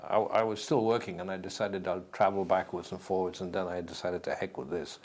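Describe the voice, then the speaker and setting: A man speaking dryly and briskly in an interview. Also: sits low, steady tone.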